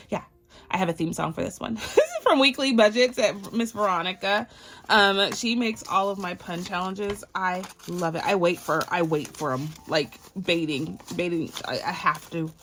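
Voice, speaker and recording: A woman's voice: on the low side, animated, a little slow, fairly bright tone, a little hiss or hum. A woman from Barbados chatting casually to her viewers while sorting and counting cash for her budget. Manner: chatty and playful, addresses viewers as y'all. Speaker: budgeting vlogger.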